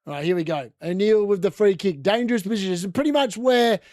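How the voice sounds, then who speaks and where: A man hosting a casual live football watchalong, excitable and shouting when goals go in. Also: sits high, fast, dry recording, studio quality. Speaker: watchalong host. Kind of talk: casual live match commentary.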